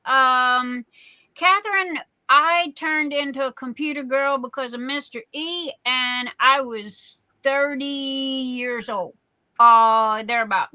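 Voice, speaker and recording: A woman's voice: sits high, sharp tone, no room sound. A middle-aged woman hosting a livestream, telling rambling folksy stories in a casual chat full of fillers. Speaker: livestream host.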